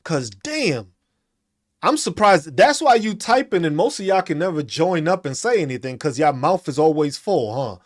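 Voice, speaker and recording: Male podcast host, mocking and crude, high voice that swings a lot. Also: sing-song, normal speed. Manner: mocking, profane, laughing between taunts. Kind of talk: ranting commentary reacting to comments.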